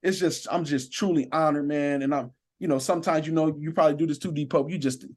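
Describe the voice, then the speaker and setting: A man's voice: a little high, fairly even intonation, quick pace, darkish tone. A man who works as a sheriff's deputy, a guest on a podcast, telling a personal story with earnest, preacher-like emphasis.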